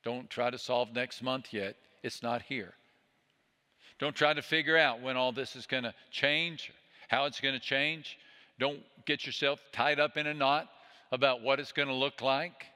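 A man preaching slowly and deliberately, giving each phrase room to settle. His voice has a bright, forward tone that carries clearly. He speaks gently and soothingly, often dropping low and soft, and a long hall reverb trails after his words. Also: fairly even intonation. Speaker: pastor. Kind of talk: sermon.

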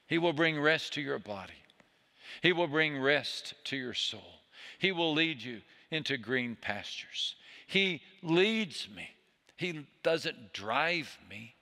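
A man preaching a sermon as a pastor, speaking in a gentle, soothing way that often sinks low and soft. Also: animated, slow. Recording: long hall reverb.

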